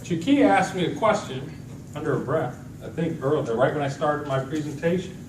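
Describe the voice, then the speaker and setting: A man's voice: on the high side, brisk. A middle-aged man giving a storytelling talk to a conference audience, acting out the people in his stories. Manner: animated storytelling with acted-out quotes. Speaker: motivational speaker. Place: large event hall with an audience. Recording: echoey hall, distant mic, noisy.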